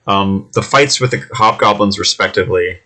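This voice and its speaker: A man running a tabletop game as game master, easygoing and chatty, often laughing and filling pauses with "uh" and "um". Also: fairly low pitch, pushed and bright, low-quality recording. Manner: easygoing, laughing, filler-heavy. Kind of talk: casual tabletop game narration.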